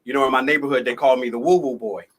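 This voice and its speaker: A male motivational speaker tells a personal story live over a video call, conversational and lively. His voice sits at medium pitch and his delivery is rapid-fire.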